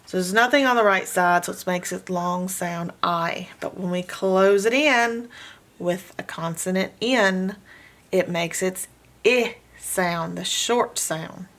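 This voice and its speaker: A woman's voice: on the low side, measured pace, a bit bright. A woman teaching a phonics lesson, patiently sounding out letters and words in repeated drills. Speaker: homeschool reading teacher.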